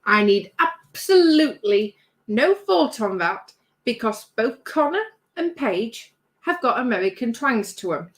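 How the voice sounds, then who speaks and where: A British woman with a slightly raised pitch hosts a relaxed livestream from her craft bench. She reads out viewer comments and chats on in a rambling way, laughing easily. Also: unhurried. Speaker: livestream host. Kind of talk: casual chat reading viewer comments.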